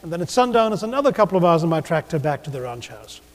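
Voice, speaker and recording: A man's voice: on the high side, big pitch swings, quick pace. A man voicing an earnest farmer describing the size of his huge farm in an anecdote. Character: big-farm American man, earnest and matter-of-fact. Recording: long hall reverb.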